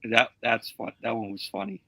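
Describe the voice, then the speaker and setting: A man's voice: medium pitch, lively intonation, normal speed, sharp tone, husky, no echo. A man chatting casually in an online hangout, laid-back and hesitant, stumbling over his words. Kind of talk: casual chat.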